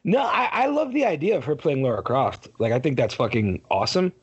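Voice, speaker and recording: Male podcast co-host, excitable and profane, husky voice with a lively pitch. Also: fairly quick, highs cut off. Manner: excitable, swearing, laughing, doing impressions. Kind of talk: casual movie chat.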